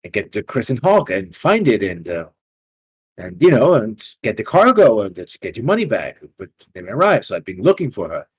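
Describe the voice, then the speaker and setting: A man's voice: lowish voice, very animated, a little fast, husky. A man voicing a nervous, evasive male debtor who stammers and babbles in a tabletop game. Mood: flustered.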